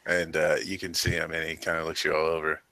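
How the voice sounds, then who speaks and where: Deep-voiced game master, loose narration. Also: male voice, completely flat delivery, quick pace, bright, forceful tone, dry recording. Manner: loose, hedging narration with "kinda" and "like".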